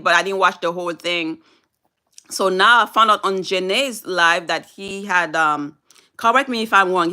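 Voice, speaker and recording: A woman's voice: mid-range voice, sharp tone. A woman on a live stream, upset and teary, pleading with and scolding her viewers while reading the chat.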